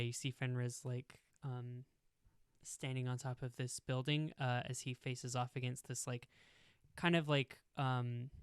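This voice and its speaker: A man's voice: mid-range voice, a bit bright, clean tone, no room sound, clean studio sound. A young man narrating a tabletop game as game master, rambling with lots of fillers. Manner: rambling, full of "like" and "um".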